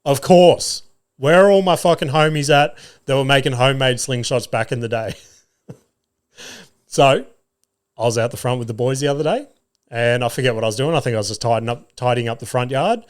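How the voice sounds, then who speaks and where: A man, hosting a solo podcast and telling sweary, animated stories about family life. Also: mid-range voice, a little fast, smooth. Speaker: podcast host.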